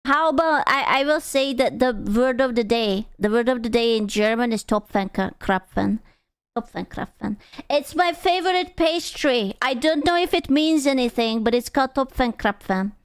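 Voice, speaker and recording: Young woman streamer, high clear voice, excitable and sweary. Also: moderate pace, few pauses. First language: Hungarian. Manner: excitable, swears, squeals and gasps in reactions. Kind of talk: casual chat reading out chat.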